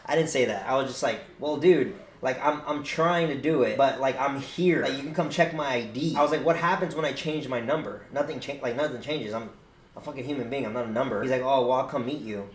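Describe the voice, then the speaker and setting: Young man, casual storytime, animated, cursing, roomy echo, faint hiss. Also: medium pitch, fast talker. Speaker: streamer.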